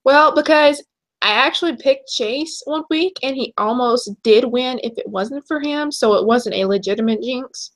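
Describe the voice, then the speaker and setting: A young woman co-hosting a casual chat show, chatty and quick to laugh. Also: sits high, a bit bright. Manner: chatty, laughs easily, trails off and restarts. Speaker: podcast co-host.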